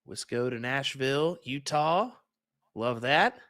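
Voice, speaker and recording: A man's voice: mid-range voice, lively intonation, slow, fairly bright tone, no echo. A man commentating a live darts match, giving chatty, upbeat analysis.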